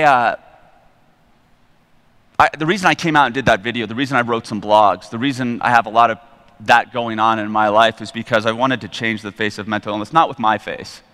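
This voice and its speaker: A middle-aged man, a guest speaker at church, gives a candid, rambling personal testimony from the stage, somewhat self-deprecating. His voice is medium-pitched with a sharp tone, and long reverb fills the large hall.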